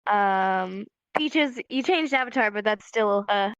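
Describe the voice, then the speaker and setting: A woman's voice: medium pitch, lively intonation, takes it slowly, fairly bright tone, clean tone, no echo. A woman sounding stuffed up from allergies, hosting a live virtual class and patiently giving casual instructions. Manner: friendly, patient, calls out names one by one. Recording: muffled lo-fi mic, dry.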